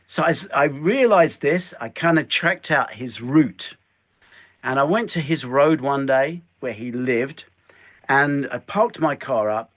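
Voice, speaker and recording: An older man, a guest telling stories in an interview and acting out the lines he quotes. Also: medium pitch. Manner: animated, acts out quoted lines. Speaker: guest, stuntman and filmmaker. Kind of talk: storytelling interview chat.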